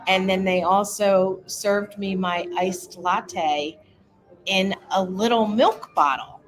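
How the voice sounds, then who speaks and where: A middle-aged woman co-hosting a casual travel livestream, chatting warmly with viewers by name and rambling through small details. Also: medium pitch, steady tone, slow pace, low-quality recording. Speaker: cohost of a cruise travel livestream. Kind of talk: casual live chat reading viewer comments.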